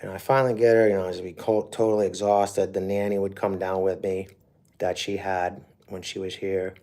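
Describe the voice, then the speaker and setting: Deep gravelly man telling a rambling story. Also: little pitch movement, normal speed, dark tone. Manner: profane, emotional, with frequent fillers. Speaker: livestream host. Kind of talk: rambling personal story on a livestream.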